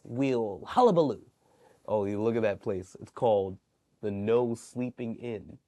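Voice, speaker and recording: A man working as a library storyteller, reading bedtime stories to young children in a gentle, animated way. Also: mid-range voice, a little slow, dry recording.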